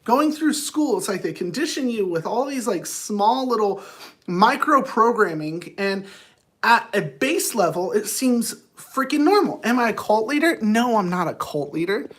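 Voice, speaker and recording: A man's voice: high-pitched, sing-song, unhurried, fairly bright tone. Playful rambling male streamer. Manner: playful, rambling, talks to chat. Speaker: livestream host. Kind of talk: rambling casual livestream chat.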